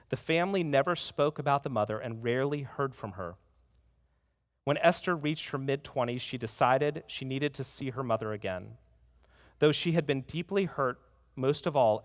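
Man, pastor, earnest sermon, mid-pitched voice, storytelling, echoing hall. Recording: reverberant hall.

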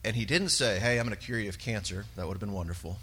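A man sharing a personal testimony in church, earnest and halting, with many pauses and fillers. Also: fairly low pitch, a bit bright, husky. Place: church sanctuary. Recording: long reverb of a large hall.

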